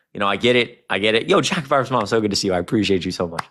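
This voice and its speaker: A young man hosting a casual livestream, talking to chat in a rambling, animated way with plenty of swearing. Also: on the low side, rapid-fire. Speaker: streamer.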